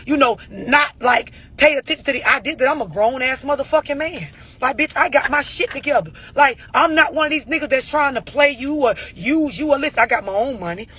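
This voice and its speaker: High-pitched man going off in a preachy rant, husky and bright. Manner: blunt, preachy, heavy on rhetorical questions. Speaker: motivational speaker. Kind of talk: profane motivational rant.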